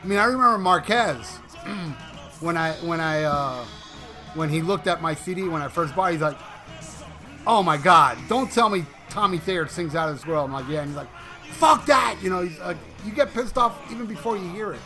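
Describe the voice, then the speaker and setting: A man's voice: fairly high pitch, expressive, fairly quick, sharp tone, soft background music. A man in casual chat, enthusiastic and profane.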